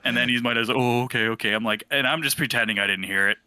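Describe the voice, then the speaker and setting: A man in his thirties casually telling a lively story and acting out the quoted voices. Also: mid-range voice, rapid-fire, no room sound. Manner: animated, acts out quoted voices. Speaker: team member sharing a memory.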